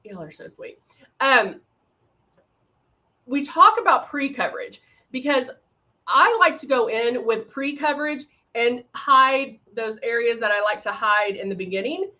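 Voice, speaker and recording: A chatty woman hosts a live makeup tutorial, her voice set a little high. She sounds bright and forceful, greeting viewers by name between steps. The audio is dull and lo-fi. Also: expressive, a little slow. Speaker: makeup livestream host. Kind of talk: casual live tutorial chat.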